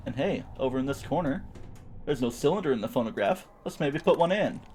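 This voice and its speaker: A man's voice: medium pitch, expressive, a little fast, darkish tone. Young man, game stream commentary, playful, chatty, faint noise behind. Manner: playful, chatty, silly sound words. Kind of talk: gameplay commentary.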